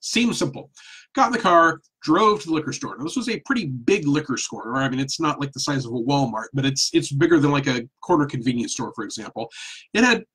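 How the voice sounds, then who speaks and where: A middle-aged man telling a personal story in a casual, animated, self-deprecating way. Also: mid-range voice, brisk, husky.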